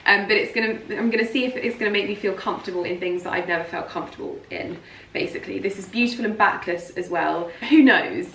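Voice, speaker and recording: A woman's voice: medium pitch, fast talker, vocal fry, a bit bright, distant mic. An English woman chatting through a clothing try-on haul, gushing, chatty and emotional. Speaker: fashion vlogger. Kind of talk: casual try-on haul chat. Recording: roomy, off-mic sound with faint background noise.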